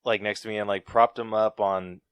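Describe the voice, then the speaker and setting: A man chatting casually on a podcast, excitable and full of "like" fillers. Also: on the low side, normal speed, clean tone, dry recording.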